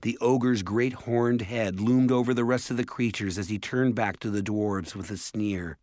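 A man narrating a storybook in a measured, steady way. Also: fairly low pitch. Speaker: audiobook narrator. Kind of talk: scripted narration.

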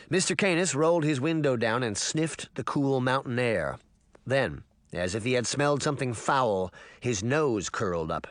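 A man's voice: medium pitch, moderate pace, dry recording. A man narrating a children's fantasy novel as an audiobook. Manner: expressive storytelling. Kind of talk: scripted narration.

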